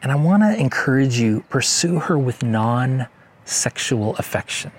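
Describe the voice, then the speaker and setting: A man preaching a sermon as pastor, conversational and joking, slowing down to stress key points. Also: medium pitch, animated, slight background noise. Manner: conversational and joking, slows down for emphasis. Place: church service.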